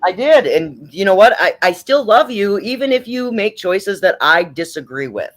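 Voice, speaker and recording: A man's voice: sits high, sing-song, normal speed, a bit bright. Blunt, profane man hosting a livestream. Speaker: livestream host. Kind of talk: casual livestream chat.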